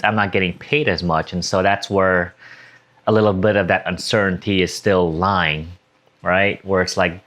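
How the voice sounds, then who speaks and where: Young man, slightly low voice, emotional, rambling, self-correcting, casual vlog. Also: fairly bright tone. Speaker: vlogger.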